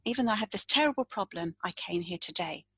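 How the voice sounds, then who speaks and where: A woman coach walks the listener through a tapping routine point by point, calm and instructive, speaking the tapping phrases aloud. Her voice has a soft, slightly breathy grain at a middle pitch. The sound is dry and close, with no room around it. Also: fast, no room sound, low-quality recording. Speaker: coach and tapping practitioner, podcast guest. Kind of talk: guided tapping demonstration.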